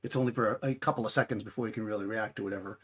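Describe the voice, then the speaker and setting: A man's voice: lowish voice, steady tone, racing, breathy edge. A man narrating as game master of a tabletop game, talking in a rambling way with many restarts.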